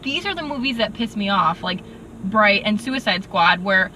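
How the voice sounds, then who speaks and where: A woman with a bright, sharp tone talks through a movie review in animated, exasperated bursts. She speaks from inside a car, with a faint road hum underneath. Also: medium pitch, poor audio. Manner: animated, exasperated, quick asides with "like". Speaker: podcast co-host. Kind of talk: casual movie review chat.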